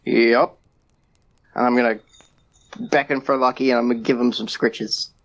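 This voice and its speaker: A man's voice: mid-range voice, steady tone, moderate pace. A man playing a tabletop game, speaking easily and offering food in character. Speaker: player. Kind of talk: casual tabletop play.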